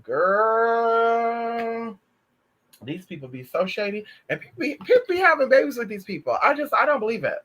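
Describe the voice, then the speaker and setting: A man chatting casually on a stream, sassy and animated, calling listeners honey and girl, swearing freely as he tells stories. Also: very high voice, normal speed. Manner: profane and emphatic. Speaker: spiritual vlogger. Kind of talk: casual livestream chat.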